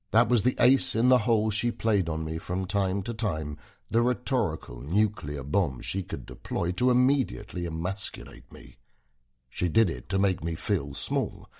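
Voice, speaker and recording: A man narrating a first-person audiobook story in a measured, low-key way. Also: vocal fry, darkish tone, slightly rough.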